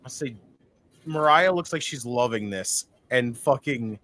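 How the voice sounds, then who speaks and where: A man co-hosting a wrestling watch-along, reacting casually with frequent swearing and sudden loud outbursts. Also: mid-range voice, lively intonation, unhurried.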